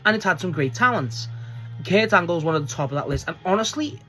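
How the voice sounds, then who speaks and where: An excitable wrestling fan host rambles in a loose, casual monologue, cursing freely and often breaking off to restart a thought. The voice sits at a middling pitch. Faint music plays underneath. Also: fairly quick.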